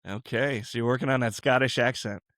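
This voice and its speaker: Male podcast host, casual and rambling, mid pitch, dry close recording. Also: fairly quick, dry recording. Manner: relaxed, chatty, musing aloud with restarts. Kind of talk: casual Christian podcast interview.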